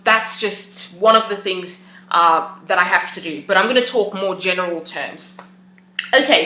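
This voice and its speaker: A woman's voice: medium pitch, bright, forceful tone. A woman speaking casually and a little hesitantly, with plenty of fillers and restarts, as she shares her own coping habits. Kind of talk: casual personal talk. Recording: echoey room.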